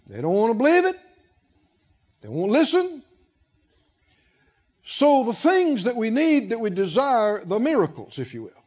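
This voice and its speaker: High-voiced preaching man, slow and emphatic. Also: darkish tone, breathy edge, dull audio. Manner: emphatic preaching, calls for congregation responses. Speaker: pastor. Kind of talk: sermon.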